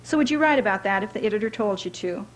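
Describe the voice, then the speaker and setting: A woman's voice: mid-range voice, lively intonation, fast, lightly acted, poor audio. A woman reading aloud voices a folksy male bus driver who teases in a drawl and calls people darlin'. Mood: needling.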